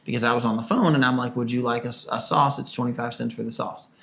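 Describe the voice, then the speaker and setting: A man in his early forties, a podcast co-host, telling a work story in a casual, animated way and acting out the people in it. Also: medium pitch, fast talker, vocal fry. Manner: animated storyteller, acts out quoted people loudly.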